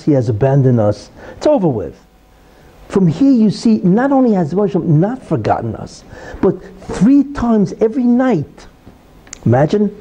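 Man teaching a Torah lesson, lively rising and falling pitch, dark husky tone, conversational, rhetorical questions. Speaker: religious teacher.

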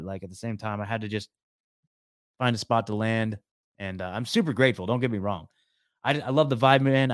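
Chatty podcast host, casual and dry. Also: male voice, mid-range voice, clean tone, no room sound. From US West Coast. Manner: chatty, repeats words, calls people man and dude. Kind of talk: casual call-in chat.

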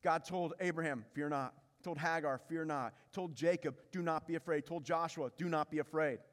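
A man preaching a sermon as pastor, building intensity through repetition and dropping low to stress key lines. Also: normal speed, in a large hall.

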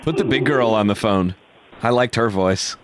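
A man's voice: on the low side, normal speed, crowd noise. Sleazy goofy prank-calling man. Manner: sleazy, goofy, deadpan put-on. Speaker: prank caller, show host. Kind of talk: prank call.

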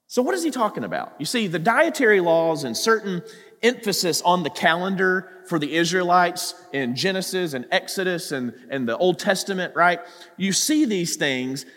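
A man preaching a sermon as pastor, animated and full of rhetorical questions. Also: high-pitched, long reverb tail.

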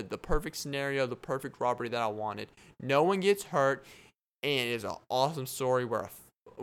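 A man's voice: mid-range voice, fairly bright tone, clean tone. Rambling, giggly male podcast host. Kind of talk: solo podcast monologue.

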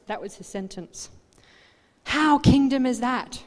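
A woman pastor preaching a sermon, swinging from quiet asides to loud, animated outbursts. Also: fairly high pitch, slow pace. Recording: long hall reverb.

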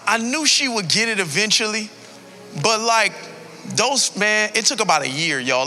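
A man's voice: high voice, pushed and bright. A man in his thirties, a pastor telling a personal story in a sermon, emotional and building to a preaching cadence.

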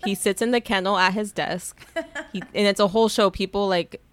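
A young woman co-hosts a podcast, brisk and mid-range in voice, telling stories in casual conversation. She's an animated storyteller who leans heavily on "like" and swears now and then.

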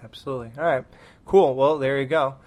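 A man's voice: mid-range voice, fairly quick. Opinionated man in a movie podcast. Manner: animated, opinionated, many "like"s. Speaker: podcast co-host. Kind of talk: casual movie review chat.

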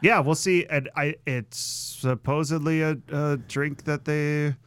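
A man co-hosting a casual podcast chat, jokey and quick to laugh. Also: fairly high pitch, little pitch movement, fairly bright tone, clear, resonant tone. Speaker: podcast co-host.

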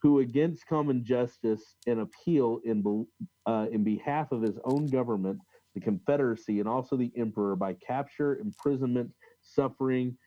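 A man of medium pitch, recorded without echo, his highs cut off. As co-host of a relaxed religious-history podcast, he reads old accounts aloud haltingly, restarting often and leaning on fillers.

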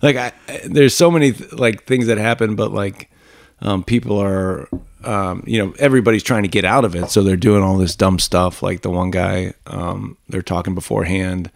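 A man's voice: low voice, steady tone, gravelly. A man co-hosting a podcast, retelling a show in casual chat with many "uh" and "um" and frequent laughs. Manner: laughing, halting, filler-heavy retelling. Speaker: podcast co-host.

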